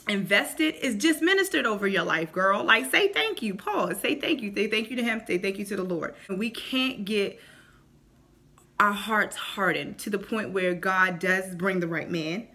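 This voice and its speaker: A woman vlogging casual faith advice to camera, animated and acting out quotes in voices. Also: mid-range voice.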